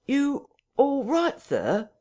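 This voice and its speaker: An audiobook narrator voicing a slow-witted country innkeeper who talks in broad rustic dialect. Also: medium pitch, very animated, creaky, darkish tone, breathy edge, voice pushed up, full character voice. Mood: puzzled.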